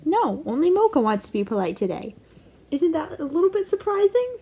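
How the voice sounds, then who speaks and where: A woman's voice: high voice, big pitch swings, brisk, mellow. A woman vlogging her pet rats at home, chatting playfully, laughing often and fondly scolding them. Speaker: pet rat owner and channel host. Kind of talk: casual pet vlog commentary.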